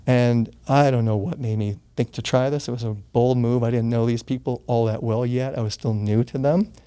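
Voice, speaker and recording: An older man in his sixties speaks as an interview guest, warm and mellow in tone. He tells his story in a casual, earnest way, with the odd curse word. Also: mid-range voice, fairly even intonation, normal speed, clean tone. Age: 60s. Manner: earnest, gets choked up, swears casually.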